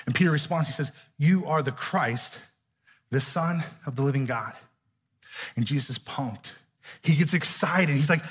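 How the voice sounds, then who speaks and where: Husky high-voiced preacher. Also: male voice, normal speed. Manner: conversational, keeps asking "right?". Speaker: pastor. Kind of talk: sermon.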